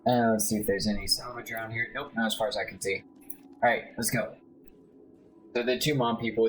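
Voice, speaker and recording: Wry lower-voiced gamer man. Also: low-quality recording. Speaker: let's play host. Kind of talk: casual gameplay commentary.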